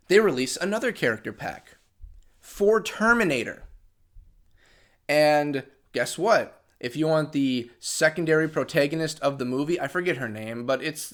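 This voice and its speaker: A man with a somewhat high voice rants to the camera in a gaming vlog, sounding frustrated and sarcastic. He restarts his sentences often. His voice is starting to go hoarse. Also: fairly bright tone. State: losing his voice. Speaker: gaming channel host. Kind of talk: unscripted vlog rant.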